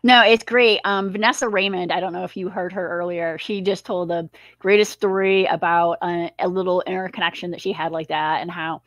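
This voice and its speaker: A woman's voice: fairly low pitch, steady tone, a little fast, no room sound. A woman hosting an interview, asking long, framed questions with frequent "um"s. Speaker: host. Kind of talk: interview host.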